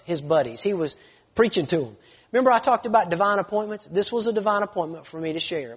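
A folksy, animated man in his forties preaches and spins a story from the pulpit. His voice sits high and a little husky. The sound is dull and lo-fi, with a long reverb trailing behind him. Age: 40s. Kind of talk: sermon with storytelling. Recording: lo-fi recording with long hall reverb.

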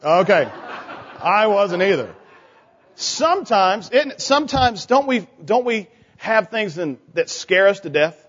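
A man's voice: high-pitched, sing-song, a little slow, a bit bright, slightly rough. A man leading a children's sermon in a church, coaxing the kids with questions. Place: church sanctuary. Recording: church hall reverb, dull lo-fi sound.

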